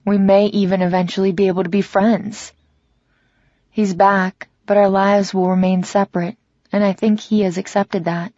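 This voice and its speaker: A woman narrating a first-person romance audiobook in a measured, reflective way. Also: mid-range voice, little pitch movement, a little mellow, dry recording, dull audio.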